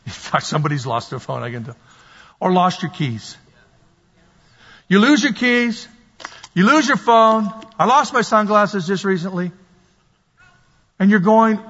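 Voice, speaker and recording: Male pastor, high husky voice, fervent repetitive sermon delivery, dull recording with a long echo. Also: expressive, normal speed, long pauses, pushed and bright. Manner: impassioned, repetitive preaching, acts out quoted voices. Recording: dull lo-fi sound with long hall reverb.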